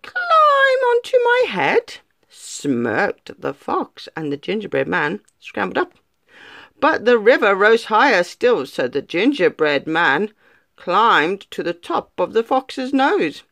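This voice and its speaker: Woman storyteller, children's story, lively rise and fall, unhurried, dry close sound. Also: medium pitch, vocal fry, dry recording. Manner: expressive, lively.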